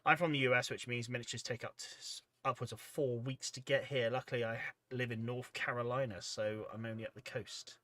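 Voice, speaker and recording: A man voicing a chatty American hobbyist with a put-on American accent and a slow, drawled delivery. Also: mid-range voice, steady tone, sharp tone, no room sound, natural voice. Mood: upbeat.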